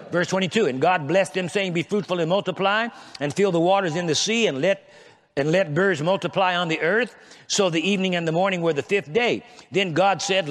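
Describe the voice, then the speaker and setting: A man's voice: high-pitched, a bit bright, a little hiss or hum. A man preaching a sermon as pastor, leading the congregation in call-and-response and often stumbling over repeated words as he builds his point. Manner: repetitive, stammering restarts when making a point. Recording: long reverb of a large church hall.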